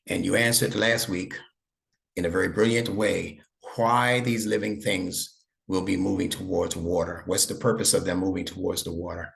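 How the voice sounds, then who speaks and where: A man's voice: low voice, fairly even intonation, moderate pace, creaky, a bit bright. A man teaching an online lesson over a video call, patient and encouraging, praising his student often. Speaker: instructor.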